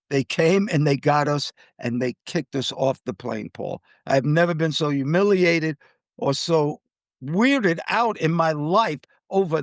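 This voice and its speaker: High-voiced older man telling a story. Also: dry recording, studio quality. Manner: animated, acts out quoted people with jumps in pitch. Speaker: co-host telling a travel story. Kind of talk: casual storytelling chat.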